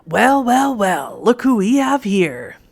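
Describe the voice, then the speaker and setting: A woman voicing a cruel, brutish male werewolf thug who taunts slowly and mockingly. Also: fairly high pitch, sing-song, gravelly, husky, full character voice. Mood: taunting. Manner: mocking, sneering, drawn-out taunts.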